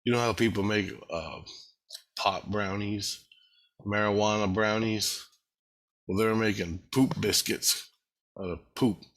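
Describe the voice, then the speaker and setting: A man's voice: lowish voice, fairly even intonation, a little slow, pauses often, a bit bright. A man telling a rambling, repetitive personal story, with frequent swearing.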